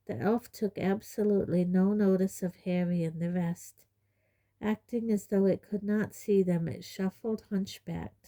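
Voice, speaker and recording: Woman reading a novel out loud, real slow and mellow, lowish voice. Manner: steady, measured storytelling. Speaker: audiobook reader. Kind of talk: audiobook narration.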